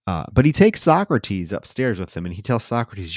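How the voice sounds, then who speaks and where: A man co-hosting a podcast, retelling movie scenes in an animated, casual way and swearing freely. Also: medium pitch, moderate pace, few pauses, dry recording, studio quality. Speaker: podcast co-host.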